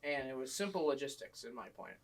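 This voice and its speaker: A man's voice: medium pitch, animated, fairly quick, low-quality recording. A young man casually telling work stories, acting out a boss and customers in a raised voice. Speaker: storyteller guest. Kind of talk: casual chat.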